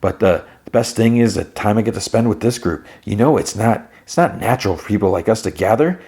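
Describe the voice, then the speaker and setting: A man's voice: fairly low pitch, lively intonation, fairly quick, dark tone. A man voicing a cheerful middle-aged family man who is secretly a killer, chatty and upbeat. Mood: chummy.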